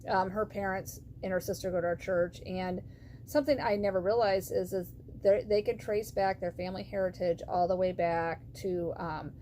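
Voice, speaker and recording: A woman's voice: on the low side, steady tone, moderate pace, mellow, slight background noise. A middle-aged woman sharing a personal faith testimony, heartfelt and rambling with lots of fillers. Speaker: vlogger.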